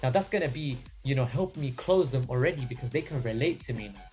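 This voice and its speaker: An energetic young man coaches a sales team in a casual, loose way, leaning on lots of fillers as he talks. His voice sits at a middle pitch, and faint music runs behind him. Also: quick pace. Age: young adult. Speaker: sales mentor. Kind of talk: casual training talk.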